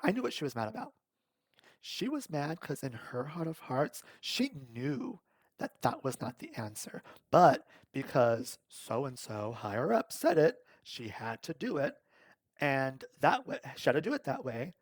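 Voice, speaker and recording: Lively storytelling man, dry close sound. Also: medium pitch, no echo. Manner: animated, laughs often, acts out quoted voices. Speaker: podcast host. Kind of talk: casual storytelling monologue.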